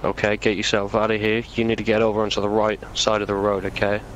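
A British man playing a police officer in a game role-play, relaxed and informal with hesitant fillers. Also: lowish voice, quick pace, slight background noise, poor audio. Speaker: player acting as a police officer.

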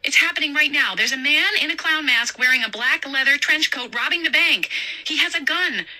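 A woman's voice: high-pitched, brisk, pushed and bright, pitched above the performer's own voice. A woman reading a story aloud and voicing a frightened but brave young mall worker in a raised, urgent voice. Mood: panicked. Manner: urgent, breathless, alarmed.

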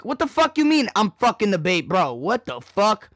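A young man streaming a casual reaction chat, crude and excitable, jumping between loud outbursts and low mutters into a desk mic. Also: normal speed, few pauses, no room sound, studio quality. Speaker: streamer reacting to a music video.

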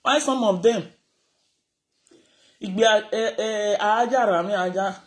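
Animated Nigerian speaker, scolding rant. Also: mid-range voice, measured pace. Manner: animated, scolding, code-switching with Yoruba. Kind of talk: casual rant to camera.

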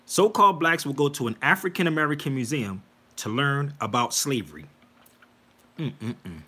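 A man's voice: mid-range voice, fairly quick, a little hiss or hum. A man talking casually and insistently to viewers on a livestream, preaching and calling out to them directly. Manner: animated, preachy, addresses viewers as y'all. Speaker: livestream host.

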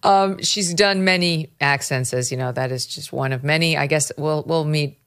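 A woman's voice: deep voice, moderate pace, fairly bright tone, clean tone. A middle-aged woman hosting a political talk show, amused and mocking, laughing often between remarks. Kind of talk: casual political commentary.

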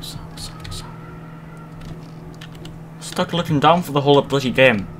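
A man commentating his horror game playthrough, swearing a lot and shouting at the game when it frightens him. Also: mid-range voice, a little slow, a little hiss or hum. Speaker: let's play host. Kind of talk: gaming commentary.

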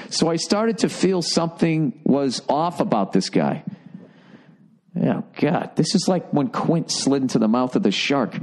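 A man's voice: mid-range voice, animated, measured pace. A man hosting a comedy podcast, reading listener letters aloud and breaking in with profane, sarcastic remarks.

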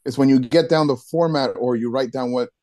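A man's voice: mid-range voice, darkish tone, no echo. Male wedding DJ/MC, casual podcast guest, stop-start delivery, dry studio sound. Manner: halting, with many restarts and repeated words. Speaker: wedding DJ and MC giving advice.

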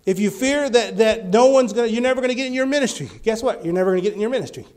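A male preacher giving a sermon, telling healing stories and rising to loud, fervent exclamations. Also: high-pitched, rapid-fire.

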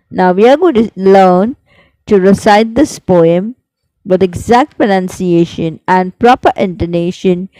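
A woman teaching a poetry recitation lesson, speaking very slowly and deliberately. Her voice is smooth and clear, and the recording is dry and close, with no room sound. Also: medium pitch, mellow, no room sound, poor audio. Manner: slow, careful, rhythmic recitation.

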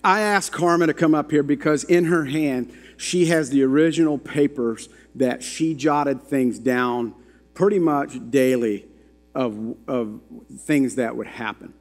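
A man's voice: mid-range voice, a little slow. Preaching man in a reverberant church. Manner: emphatic, asks the congregation questions. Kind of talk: sermon storytelling. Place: church sanctuary. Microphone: handheld or stand microphone. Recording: long hall reverb in a church.

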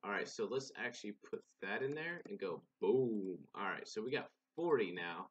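A man's voice: fairly low pitch, lively intonation, moderate pace. A young man giving casual, rambling, profane commentary while playing a game, often restarting his sentences. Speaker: gaming channel host.

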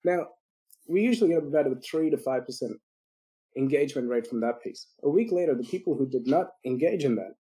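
A man on a podcast tells a client story with energy, slipping into little acted-out voices for the people he quotes. His voice is warm and dark in tone, with a breathy, husky edge. He laughs easily as he goes. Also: medium pitch, brisk, low-quality recording. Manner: animated storyteller acting out quotes; laughs often. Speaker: business consultant guest.

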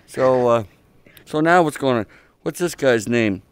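A man's voice: mid-range voice, expressive, a little slow, smooth, no room sound. A man giving casual joking commentary while chatting in a social VR game room, teasing strangers with crude banter through a headset mic. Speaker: VR chat YouTuber.

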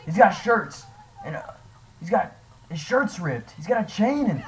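A young man voicing his own character in a fan-made game drama, excitable and swinging between shouting and nervous mumbling. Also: sits high, a little slow, slight background noise, low-quality recording. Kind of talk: improvised fan machinima dialogue.

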